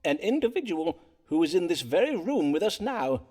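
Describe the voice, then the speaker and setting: Fancy-talking elizabethan astrologer doc, kinda high, bounces all over, super polite and wordy. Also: male voice, sing-song, moderate pace, darkish tone, soft background music. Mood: courteous. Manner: florid archaic courtly speech. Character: learned Elizabethan astrologer-doctor, courteous and wordy. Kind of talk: period game voice acting.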